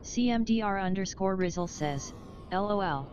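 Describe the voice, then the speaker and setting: A synthetic woman's voice reading chat messages aloud in an even, mechanical way. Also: mid-range voice, normal speed, highs cut off, slight background noise. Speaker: text-to-speech chat reader.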